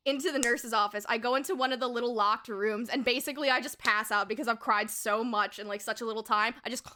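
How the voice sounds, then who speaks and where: A woman's voice: on the high side, fairly even intonation, quick pace, few pauses, pushed and bright, slight background noise. A young woman streamer telling a story in casual, rambling chat, full of fillers, laughter and swearing, at a home desk mic.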